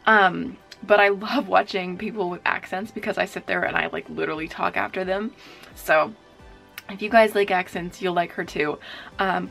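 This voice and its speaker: A woman's voice: lowish voice, gravelly, a bit bright. A young woman vlogging about beauty in a casual, gushing way, full of fillers. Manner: chatty and gushing, many fillers. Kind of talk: casual chat.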